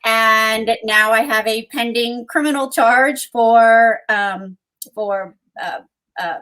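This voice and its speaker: Co-host, woman: earnest personal account, a touch high-pitched, lots of ums. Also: slow pace, fairly bright tone. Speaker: co-host and guest. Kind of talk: personal storytelling in conversation.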